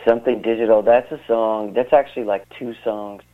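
A man speaks as a musician guest on a call, his voice a bit low and squeezed thin by a phone line. He wanders through his stories in a relaxed, rambling way, full of fillers and restarts. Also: a little fast. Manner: rambling, laid-back storyteller with many fillers. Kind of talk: casual interview chat.

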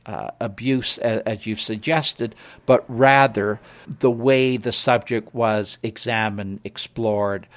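A theater critic gives his take on a stage production in a casual review chat, speaking unhurriedly in a lowish, steady voice. He hesitates, repeats words, and restarts sentences as he weighs his opinions.

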